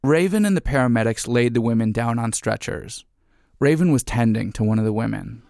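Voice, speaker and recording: A man giving scripted narration in a calm, measured storytelling manner. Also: mid-range voice, creaky, no echo, studio quality. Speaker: narrator and producer.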